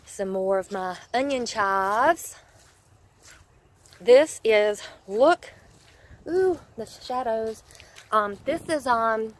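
A woman's voice: fairly high pitch, fairly bright tone, a little hiss or hum. A woman giving a casual, chatty phone-video tour of her home and yard, exclaiming over her plants. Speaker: vlogger, home gardener. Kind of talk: casual walk-through vlog. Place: home and yard, indoors and outdoors.

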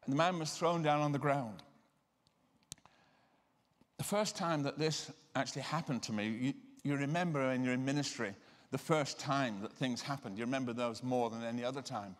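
A man giving a sermon-style lecture. He tells personal stories and slows down to stress key words. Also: medium pitch. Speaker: guest lecturer and deliverance minister. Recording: reverberant lecture hall.

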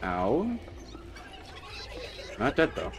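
A man's voice: mid-range voice, huge pitch swings, extremely slow, heavy background noise. A young man giving nervous, chattering commentary while playing a horror game and talking to the game. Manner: jittery, talks to the game, nervous chuckles. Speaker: gamer.

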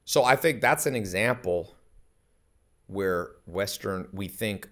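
A man's voice: fairly low pitch, expressive, slow pace, a bit bright. A man talking as a podcast guest in casual conversation, emphatic and anecdotal, often laughing in the middle of his sentences. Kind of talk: casual chat.

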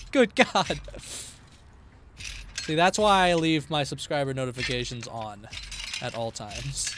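A gaming streamer plays a horror game live, commenting at a normal pace in a mid-range voice over a noisy background. He gets excitable, yelping and shouting when startled, then muttering quietly to himself in between.

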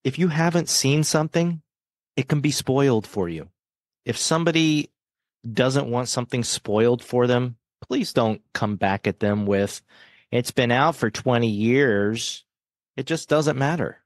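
A man's voice: medium pitch, moderate pace, dry recording, clean studio sound. A man hosting a podcast in casual chat, friendly and joking with his co-host.

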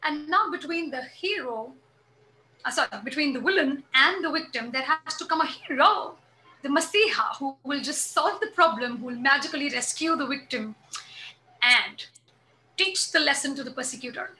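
A woman's voice: high voice, lively intonation, normal speed, sharp tone, a little hiss or hum, poor audio. A woman on a video call, explaining a concept and retelling a family story while acting out the dialogue. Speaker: guest speaker.

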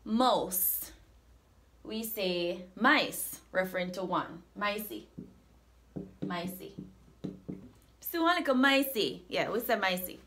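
A woman with a Jamaican accent teaching a language lesson, saying words slowly and repeating them for practice. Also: mid-range voice, lively intonation, a bit bright, slight background noise. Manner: slow, repeats words for drilling.

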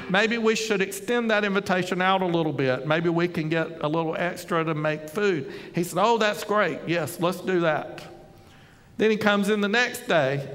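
High-voiced male pastor in echoey church. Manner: conversational storytelling with sudden loud exclamations. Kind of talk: storytelling sermon. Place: church sanctuary. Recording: long hall reverb.

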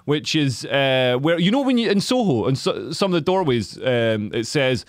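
A man's voice: mid-range voice, big pitch swings, moderate pace, no room sound, clean studio sound. A man on a casual podcast, explaining things in a matter-of-fact way. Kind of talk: casual chat.

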